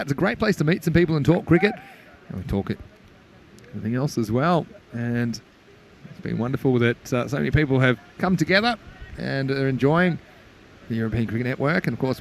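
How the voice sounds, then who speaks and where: A man giving live cricket commentary in a chatty way, rising with excitement when a wicket falls. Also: on the high side, gravelly, a little hiss or hum.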